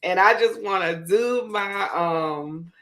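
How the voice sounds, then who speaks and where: A woman with a New Orleans accent chats away to her viewers as she cooks. Her voice is bright and forward, and she sits at a middle pitch. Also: slow pace. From Louisiana. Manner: chatty, talks straight to viewers. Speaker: show host. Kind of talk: casual cooking chat.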